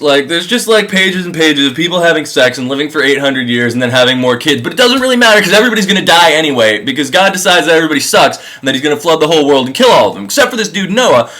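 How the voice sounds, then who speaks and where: A young man casually retelling a story with irreverent, profane humor, jumping into quick voices for each figure. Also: on the high side, pushed and bright, low-quality recording. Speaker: comedic storyteller.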